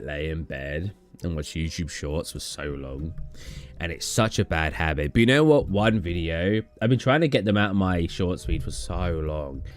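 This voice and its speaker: A man's voice: on the low side, no room sound. A young British man chatting casually with viewers on a stream, rambling and acting out his own reactions. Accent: British English. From Britain. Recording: dry room with faint music behind.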